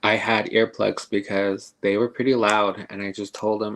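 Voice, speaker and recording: An older man with a low, gravelly voice recounting a scary night in a loose, conversational way. He stops and restarts often, filling gaps with "um" and "like". The telling is unscripted and personal. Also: little pitch movement, fairly bright tone. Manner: halting, with many fillers and restarts. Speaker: podcast guest storyteller. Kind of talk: casual spoken ghost story.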